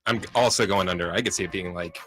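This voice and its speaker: A man on a sports radio show giving quick, brief picks in casual chat. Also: sits low, pushed and bright, soft background music, low-quality recording.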